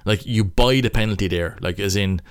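A man's voice: fairly low pitch, brisk, smooth, no echo, clean studio sound. A young Irish man, a rugby player, casually breaking down match footage, thinking aloud in stop-start phrases.

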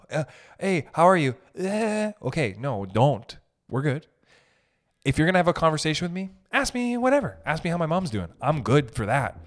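A man ranting casually as a podcast host, profane and animated, swinging between loud bursts and muttered asides. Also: mid-range voice. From raised in an Italian family. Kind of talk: casual comedic rant.

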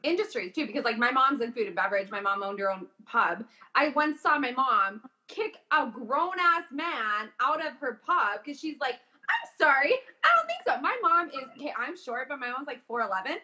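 A young woman chatting casually, telling animated stories with frequent laughs and casual swearing. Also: high-pitched, moderate pace, few pauses. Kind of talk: casual chat.

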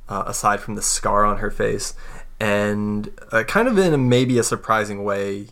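A man's voice: on the low side, normal speed, a bit bright. A man narrating a tabletop game as game master, casual and full of fillers.

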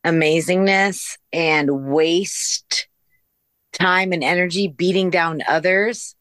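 A woman's voice: on the low side, slow pace, fairly bright tone, no room sound, clean studio sound. A woman guest on a casual podcast, blunt and heated with swearing. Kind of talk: casual chat.

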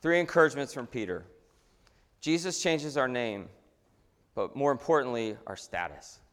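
A man preaching a sermon in a conversational, animated way, often restarting his phrases. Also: mid-range voice, normal speed. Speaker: pastor. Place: church sanctuary. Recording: long hall reverb.

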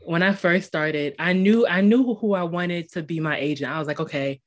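A woman's voice: lowish voice, moderate pace. A woman hosting a podcast, chatty and rambling, with many fillers. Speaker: podcast host. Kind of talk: casual interview chat.

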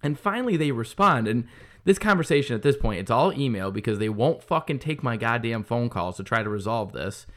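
A man's voice: medium pitch, animated, brisk, a bit bright. A man who runs a business, telling a frustrated story in a casual, profane, heated monologue. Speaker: business owner opening a kart track.

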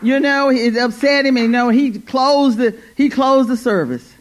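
A woman's voice: high-pitched, normal speed. A woman preaching a church sermon, repeating her phrases and calling "Amen?" to the congregation. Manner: fervent, repeats phrases, call-and-response "Amen?". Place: church service.

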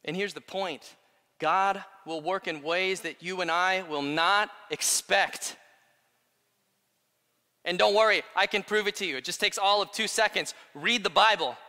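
A male pastor preaching a sermon, animated, swinging between quiet asides and loud declarations. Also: high-pitched, normal speed, smooth. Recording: long hall reverb.

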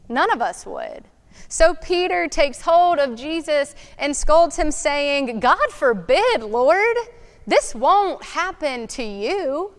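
A woman preaching a sermon in a slow, reflective way, asking questions aloud. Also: sits high.

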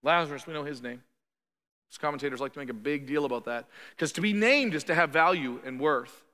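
A man preaching a conversational sermon as pastor, animated and quick to act out quoted voices. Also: on the high side, long reverb tail. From Canada.

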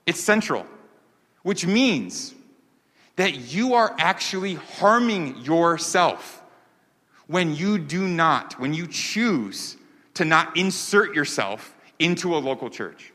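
A man's voice: fairly high pitch, expressive, slow pace, pushed and bright. Emphatic male pastor in a reverberant hall. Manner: earnest, emphatic, repeats key phrases. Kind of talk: sermon.

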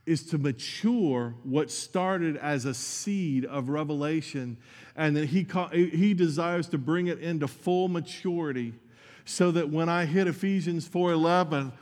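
A man's voice: fairly high pitch, measured pace, a little mellow, long reverb tail. A man preaching a sermon as pastor, earnest and conversational, with asides to his congregation.

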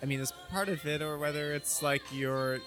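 A man, a comedian, talking in a bar in a halting, thoughtful way, searching for words. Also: a little high, fairly even intonation, fairly bright tone, faint music behind. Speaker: comedian guest. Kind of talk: casual bar-room chat. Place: bar, indoors.

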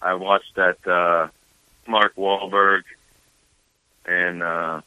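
A man's voice: sits low, little pitch movement, very slow, clear, resonant tone, dry recording, narrow, tinny audio. A man chatting on a podcast as its regular movie reviewer, laid-back and casually swearing, laughing often.

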